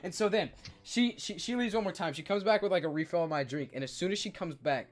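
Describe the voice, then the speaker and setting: A young man, a streamer, telling stories in casual chat, excitable and stammering, loudly acting out what people said. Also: high voice, quick pace.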